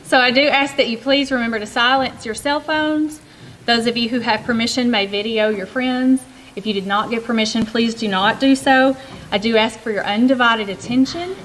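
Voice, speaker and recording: Measured woman announcing at school. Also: on the high side, slight background noise, rough recording. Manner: measured, polite. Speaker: teacher hosting declamations. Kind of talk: formal announcements.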